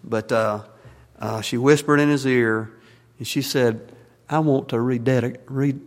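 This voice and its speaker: A man's voice: medium pitch, steady tone, unhurried, long reverb tail. A man preaching as a Baptist pastor in a church, plainspoken and folksy, with fillers and restarts. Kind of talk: sermon and closing prayer. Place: church sanctuary.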